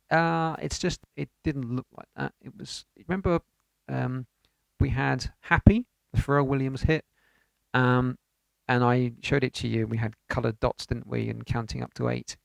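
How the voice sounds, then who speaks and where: A man leads a piano lesson, talking learners through rhythms and counting beats aloud in an encouraging way. His voice is strongly gravelly with lots of fry. The recording is dry and close. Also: medium pitch, normal speed, no echo. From United Kingdom. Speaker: piano teacher. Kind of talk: online music lesson.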